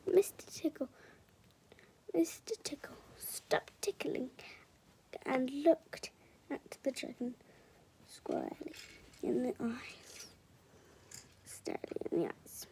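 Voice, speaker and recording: Slow, whispery woman reading a kids' book. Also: high voice, vocal fry, darkish tone. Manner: often drops to a whisper, chatty asides to listeners. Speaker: storyteller. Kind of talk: reading a children's picture book aloud.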